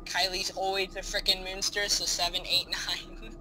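A man chatting casually with a friend while playing an online game, excitable and quick with jokes. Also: high-pitched, crowd noise, low-quality recording. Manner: excitable, jokey, quick to laugh. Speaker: gamer. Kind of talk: casual gameplay chat. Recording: game music playing behind. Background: game music.

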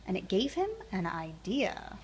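Reading a children's picture book in an expressive sing-song manner, a female storyteller uses a mid-range voice and a measured pace.

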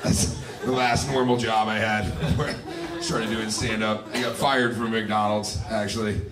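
A man's voice: fairly low pitch, level tone, measured pace, distant mic, a crowd in the background. A man in his twenties doing a profane, rambling stand-up set on a comedy club stage, often laughing at his own jokes. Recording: live club recording with audience laughter. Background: audience laughing.

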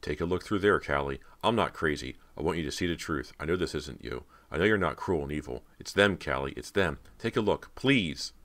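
A man's voice: a little fast, hardly any pauses, a bit bright. A man voicing a terrified teenage girl who pleads with her sister in an audiobook. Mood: pleading. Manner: pleading, breathless and shrill. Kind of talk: audiobook character voice.

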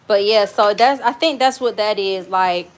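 A cooking vlogger, this young adult woman speaks with a Southern US accent in a mid-range voice at a moderate pace. She cooks in her home kitchen, telling stories in a casual, frank way and cursing openly.

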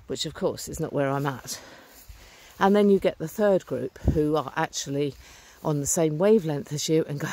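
Deep and mellow, her voice moves at a moderate pace as she walks outdoors beside a stream on a country lane. The middle-aged vlogger chats to the handheld phone or camera in an earnest, upbeat way, using plenty of fillers in this casual walking vlog.

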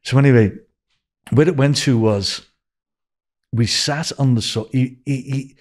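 A man's voice: mid-range voice, unhurried, pauses often, darkish tone. An older man with a Scouse accent from Liverpool, a guest telling rambling anecdotes and acting out what people said. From Liverpool, England. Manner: rambling anecdotes, acting out quoted dialogue, frequent "you know". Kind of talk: casual storytelling interview.

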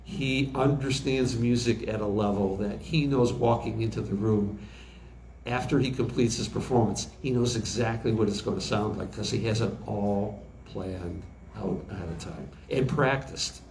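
A man's voice: on the low side, a little mellow, slight background noise. A man in his sixties, a recording engineer, telling stories in an interview with many fillers and restarts. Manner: halting, frequent fillers and restarts. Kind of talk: interview storytelling. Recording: roomy echo with faint background ambience.

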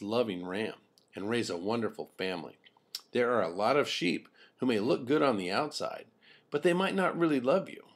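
A man voicing a caring father ram who gently advises his daughter. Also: lowish voice.

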